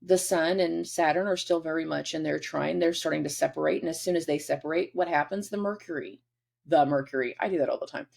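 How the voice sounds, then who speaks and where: A woman's voice: deep voice, steady tone, quick pace, creaky, few pauses, darkish tone, husky. A woman hosting a casual astrology forecast, chatty and acting out quoted dialogue in different voices.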